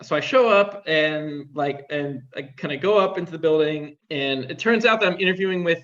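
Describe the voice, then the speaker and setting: This is a young man speaking as an interview guest, casually storytelling in a chatty manner packed with fillers, especially "like." He sounds a little high and a bit bright, with a brisk delivery, captured on a dull, lo-fi recording.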